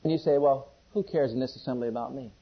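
A man preaching a sermon, shifting between loud, ringing scripture questions and hushed, intimate pleading, with questions put to the congregation. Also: mid-range voice, fast talker, husky. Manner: call-and-response questions to the congregation. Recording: dull, lo-fi sermon recording.

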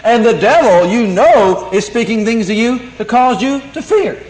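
A man's voice: very high-pitched, lively intonation, moderate pace, darkish tone. A man preaching a sermon, quoting scripture and repeating key lines with emphasis. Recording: echoey room, 1982 tape.

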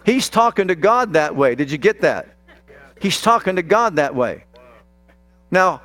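Slow, emphatic male preacher. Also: on the high side, expressive, a bit bright, dry recording. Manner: slow, emphatic, talks straight to the congregation. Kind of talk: sermon.

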